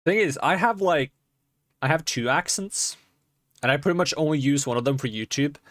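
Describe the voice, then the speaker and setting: A man's voice: fairly high pitch, lively intonation, moderate pace, a bit bright, no room sound, studio quality. A young man casually chatting while he plays and streams a game, rambling from thought to thought and laughing often. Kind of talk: casual chat while playing. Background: game music.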